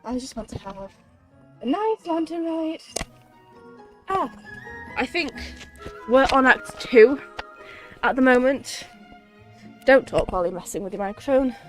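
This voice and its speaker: Brief: young woman streamer, high bright voice, chatty rambling gameplay talk, faint game music under it. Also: measured pace, long pauses. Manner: chatty, rambling, bursts into excited exclamations.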